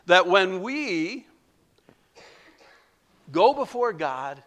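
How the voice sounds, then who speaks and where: Animated male preacher delivering a sermon; lively, swooping delivery, unhurried. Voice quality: animated, acts out quoted voices with big pitch jumps. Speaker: pastor.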